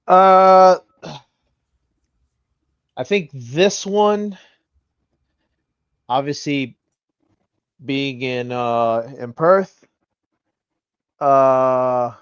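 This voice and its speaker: A man on a wrestling predictions podcast, working slowly and hesitantly through his pick with fillers. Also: mid-range voice, smooth, no room sound, dull audio. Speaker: podcast panelist. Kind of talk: casual wrestling predictions chat.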